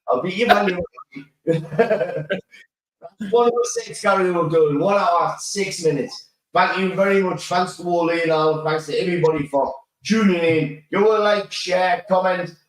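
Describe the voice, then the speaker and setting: A man co-hosting a chatty football podcast. He tells his stories with animation, swears and laughs a lot. His voice sits a touch high, and it sounds roomy, as if caught from a distance. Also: unhurried. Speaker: podcast co-host. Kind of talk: casual chat.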